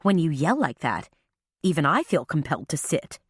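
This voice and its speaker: A woman doing a playful, adventurous best friend who loves a wisecrack. The voice sits low, dry and close on an audiobook track. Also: sing-song, normal speed, slightly rough, dry recording, full character voice. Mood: teasing.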